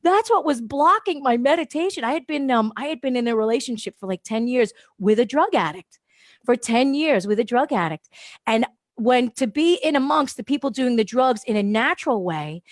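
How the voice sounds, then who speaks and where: Casting: animated woman storyteller, radio guest, a bit high, dry close sound. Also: normal speed, no echo. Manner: lively, laughs often, acts out quotes. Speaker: guest, holistic wellness practitioner. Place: radio studio.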